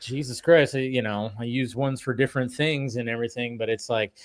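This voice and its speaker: A man hosting a podcast, chatting casually in a rambling, animated way and swearing freely. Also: mid-range voice, brisk. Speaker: podcast host. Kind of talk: casual chat.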